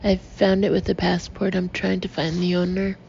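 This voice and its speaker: A woman's voice: lowish voice, little pitch movement, moderate pace, gravelly, darkish tone. A woman voicing a hesitant, apologetic male caller who has a slight cold and a nasal voice, in an audiobook. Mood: flustered. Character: flustered male traveler with a head cold. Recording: dull lo-fi audio with faint hiss.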